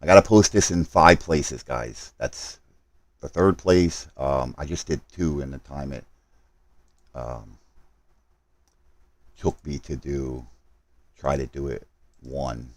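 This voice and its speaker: A man's voice: rumbling low, takes it slowly, long pauses, dry recording. A man live streaming a game, talking to his chat while he hurries through setup and apologizes for his mistakes.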